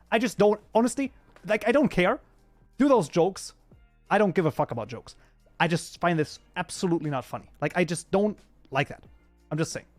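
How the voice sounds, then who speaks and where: A man's voice: high voice, dry recording. A young man with a German accent, hosting a livestream in a loose, casual chat that is full of swearing and laughter. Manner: talkative, swears freely, laughs often. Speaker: livestream host.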